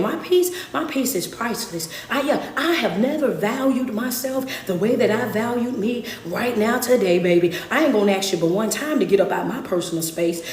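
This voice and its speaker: Woman speaker, high voice, fiery and repetitive, echoey room. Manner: fiery, repetitive, laughing between lines. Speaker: motivational speaker. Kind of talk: motivational talk to camera.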